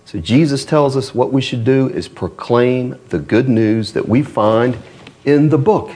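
A man's voice: a little slow, warm tone. Man preaching, reading an old allegory. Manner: reads old-fashioned text dramatically, rising pitch on cries. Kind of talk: sermon reading aloud from an allegory.

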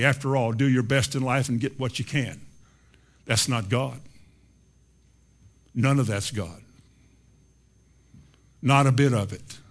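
Guy preaching a sermon, average pitch, gets loud and fast then real quiet and slow, reads verses slow. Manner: reads scripture slowly and deliberately.

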